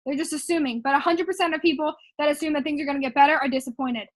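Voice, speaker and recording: A young woman talks straight to camera in a casual motivational vlog. Her voice sits very high. She is chatty and emphatic, leaning on "like" and "um" as she repeats points for emphasis. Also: steady tone, rapid-fire. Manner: chatty and emphatic, heavy use of "like" and "um". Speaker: vlogger sharing sales training notes.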